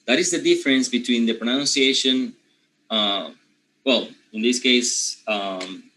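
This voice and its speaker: A man from Panama with a Panamanian accent, a native Spanish speaker teaching English pronunciation, who often clears his throat and keeps checking in with his students. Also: medium pitch, measured pace, bright, forceful tone, slight background noise, rough recording. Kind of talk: pronunciation lesson.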